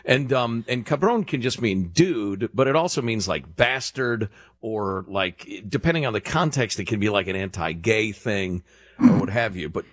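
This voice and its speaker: Radio host, man in his sixties, husky and animated, casual rambling banter. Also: on the low side, normal speed, dry recording. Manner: rambling storyteller with lots of fillers. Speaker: radio talk show host.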